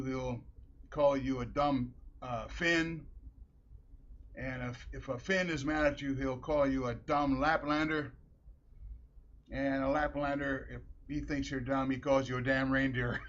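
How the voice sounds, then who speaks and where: Slow, chuckling middle-aged man. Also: mid-range voice, fairly even intonation, a bit bright. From Minnesota, USA. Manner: rambling, chuckling between wry remarks. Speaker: vlogger. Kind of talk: casual anecdotal monologue. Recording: dull lo-fi audio.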